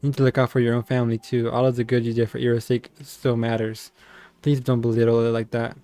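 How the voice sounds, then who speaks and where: Brief: a man doing a soft, earnest young woman for a visual novel, pleading and apologetic, in an even, low tone with a dry sound. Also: fast, no echo, natural voice.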